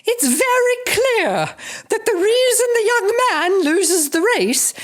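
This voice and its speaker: A haughty high-pitched grande dame. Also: female voice, big pitch swings, heavily acted. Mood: imperious. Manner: grand, plummy, drawn-out. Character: haughty elderly upper-class woman.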